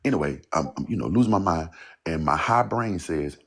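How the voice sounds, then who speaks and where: A man, a songwriter guest, telling a personal story casually, rambling and halting in places. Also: low-pitched, lively intonation, fairly bright tone. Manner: loose, rambling, repeats "you know what I'm saying".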